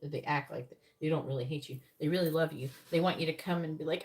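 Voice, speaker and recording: A woman giving a live tarot reading in casual chat. She talks bluntly and swears freely, laughs often, and mutters her card draws in a low, quick undertone. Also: fairly even intonation, darkish tone. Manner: blunt and profane, with frequent laughter. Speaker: psychic tarot reader.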